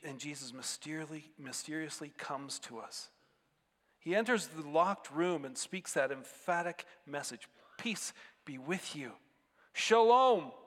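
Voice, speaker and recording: A man preaching a sermon as pastor of a church, earnest, swinging between emphatic rises and quiet drops. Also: on the high side, long reverb tail.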